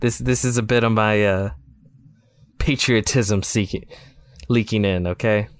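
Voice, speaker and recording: A man's voice: lowish voice, fairly even intonation, unhurried, dry recording. A man from the United States co-hosting a podcast, joking and swearing freely. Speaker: podcast co-host. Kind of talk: casual chat.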